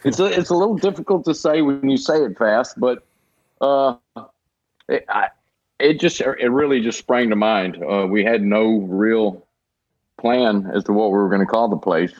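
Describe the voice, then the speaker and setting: A relaxed man speaking as a guest on a podcast, loose and profane in his storytelling. His voice sits at an everyday middle pitch. The audio is dull and lo-fi. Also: moderate pace. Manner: laid-back, swears, laughs while telling stories. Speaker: podcast guest, small press founder. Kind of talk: casual chat. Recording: dull lo-fi sound.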